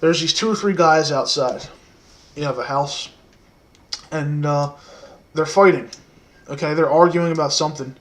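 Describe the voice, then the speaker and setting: Soft-spoken man rambling through a story. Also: on the high side, moderate pace, pauses often. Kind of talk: casual storytelling to camera.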